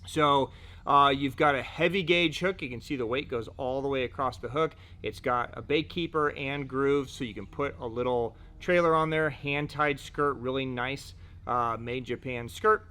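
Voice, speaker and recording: A man's voice: mid-range voice, moderate pace, pushed and bright, clean tone. A man presenting fishing gear in a casual product showcase, chatty and joking, often filling gaps with "so" and "right?". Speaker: fishing tackle shop presenter.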